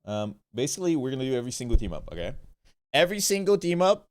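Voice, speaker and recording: A man's voice: mid-range voice, expressive, fast. A playful, rambling man from Italy chatting casually on his gaming stream and swearing now and then.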